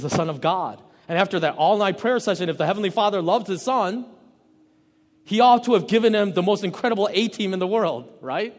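Emphatic male preacher in a reverberant hall. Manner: emphatic, swinging from loud peaks to soft low phrases. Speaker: pastor. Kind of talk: sermon.

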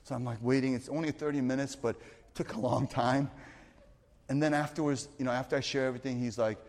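A man pastor telling a story in a sermon, animated, swinging from loud, excited bursts to quiet asides. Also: medium pitch, quick pace. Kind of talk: storytelling sermon at a youth retreat. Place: retreat meeting hall. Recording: long reverb of a large hall.

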